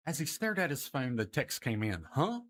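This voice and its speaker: A man's voice: mid-range voice, sing-song, normal speed, fairly bright tone. A man improvising a rambling comic story, narrating in a mock-dramatic way and often breaking into giggles.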